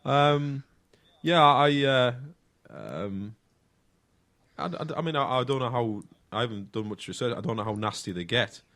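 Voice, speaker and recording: Man, podcast co-host, hesitant storyteller, crude humour, filler-heavy delivery, mid-pitched everyday voice. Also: animated, a little slow, fairly bright tone. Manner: rambling, hesitant, lots of ums, crude humour. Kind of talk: casual chat.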